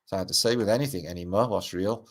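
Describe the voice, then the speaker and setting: A middle-aged Welsh man hosts a casual livestream in a fairly low voice, calling out viewers by name. He rambles from one thought to the next and swears freely as he goes. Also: quick pace. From Wales. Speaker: livestream host. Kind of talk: casual livestream chat reading out comments.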